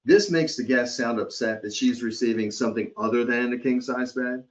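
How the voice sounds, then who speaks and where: Over dull, lo-fi webcast audio from a computer or headset mic, a man hosts a live hospitality training session. He speaks conversationally at medium pitch and normal speed, often checking in with his listeners.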